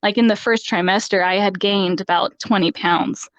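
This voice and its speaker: A woman recounting her pregnancy experiences in an interview, candid and quick to laugh between phrases. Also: mid-range voice, steady tone, no room sound. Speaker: podcast guest. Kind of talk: personal story in an interview. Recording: slightly dull dry sound.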